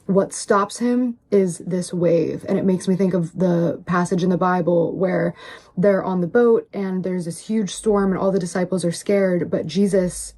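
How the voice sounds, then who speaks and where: Husky low-voiced woman telling a story. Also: steady tone, a little slow, warm tone. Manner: rambling, heavy on "like". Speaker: online personality in a played clip. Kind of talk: earnest storytelling.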